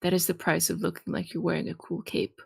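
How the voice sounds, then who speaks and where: A woman playing a tabletop game in character, enthusiastic and quick to agree. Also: on the low side, little pitch movement, gravelly, a little mellow, breathy edge.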